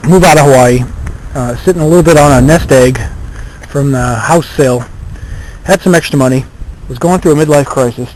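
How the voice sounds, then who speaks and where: A man's voice: mid-range voice, fairly quick, darkish tone, slight background noise, low-quality recording. A man in his thirties telling a rambling story from his own life in a casual vlog, with many fillers and self-deprecating remarks. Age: 30s. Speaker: vlogger.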